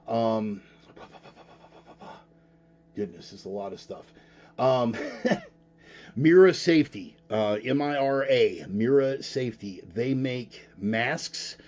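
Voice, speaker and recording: A man's voice: on the low side, a little mellow, dull audio. A man hosting a casual live show, talking bluntly and rambling, with frequent profanity. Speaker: podcast host. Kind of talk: casual livestream talk.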